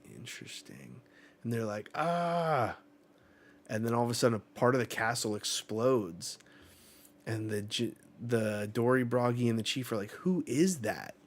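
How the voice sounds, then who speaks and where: A man hosting a live manga reaction, reading the panels aloud and reacting with excited swearing. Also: fairly low pitch, normal speed.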